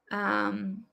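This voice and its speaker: This woman, a political vlog host in her thirties, has a medium-pitched, gravelly voice with a sharp tone. On her own commentary video she speaks casually but emphatically, often using fillers and starting over.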